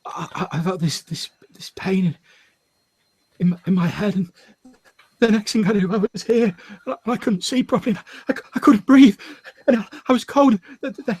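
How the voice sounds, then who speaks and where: A man's voice: sits high, normal speed, a little mellow, husky, no echo, voice pushed up. A panicked young woman stammers through every word, as a man puts her on in a voice pushed far above his own. Her words tumble out in a frightened rush. It is a character from a tabletop horror game. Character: terrified young woman lost in the dark.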